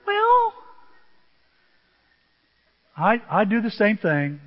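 Preaching at normal speed in a church sanctuary, an older male pastor uses a high voice for animated, self-deprecating stories, lurching from soft asides to loud outbursts. Muffled, dull audio carries the reverberation of a long hall.

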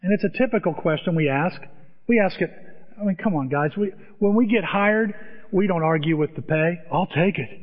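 A man preaching a sermon, telling stories in a lively way and acting out the voices of the people he quotes. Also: high-pitched, normal speed. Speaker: pastor. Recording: dull sound with long hall reverb.

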